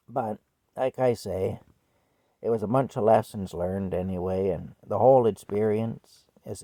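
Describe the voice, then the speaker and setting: A man telling a personal story from his childhood in a conversational, reflective way, with soft laughs here and there. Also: lowish voice, vocal fry, dry recording.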